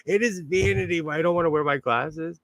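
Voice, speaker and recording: A man hosts a sewing livestream from his home sewing room, talking in a loose, rambling way and often breaking into laughter. His voice sits a little on the high side, and the sound is close and dry with hardly any room echo. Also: a little fast, creaky, a bit bright. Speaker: livestream host. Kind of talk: casual livestream chat while sewing.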